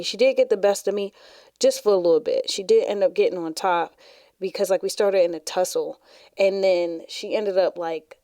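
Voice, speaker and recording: A woman's voice: lowish voice, mellow, dry recording, clean studio sound. A woman hosting a podcast, telling stories in a chatty, rambling way full of "like" fillers. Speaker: podcast host. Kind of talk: casual storytelling.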